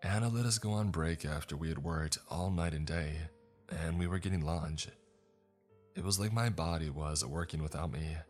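Very deep male horror narrator. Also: moderate pace, faint music behind. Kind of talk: scripted horror story narration.

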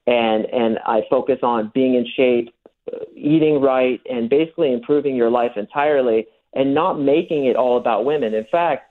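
A man's voice: mid-range voice, moderate pace. A man, a dating coach, explaining his methods in a radio interview, acting out the lines he uses. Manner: explains techniques, acts out quoted lines. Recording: thin phone-line sound.

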